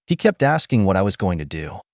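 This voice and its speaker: A man with a fairly low voice reads a first-person story as scripted narration. His intonation rises and falls in a lively way, and he keeps a steady, even pace. The recording is dry and close, with no room sound. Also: brisk, dry recording.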